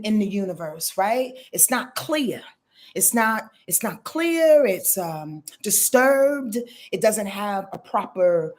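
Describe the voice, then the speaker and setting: A woman, hosting a casual astrology livestream in a loose, chatty way and talking straight to her viewers. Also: mid-range voice. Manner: loose, chatty, swears, addresses viewers as y'all. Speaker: astrologer hosting a live stream.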